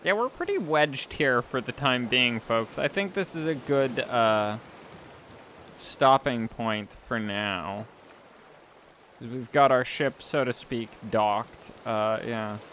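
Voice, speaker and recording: Man, casual gaming stream chatter, rambling, self-deprecating, bright tone. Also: mid-range voice, lively intonation, slow pace, a little hiss or hum.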